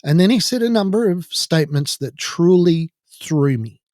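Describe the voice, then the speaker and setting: A man's voice: a little high, animated, moderate pace, a little mellow, no room sound. Indignant Irish man, dry close sound. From Ireland. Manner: indignant storytelling. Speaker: podcast host. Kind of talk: personal monologue.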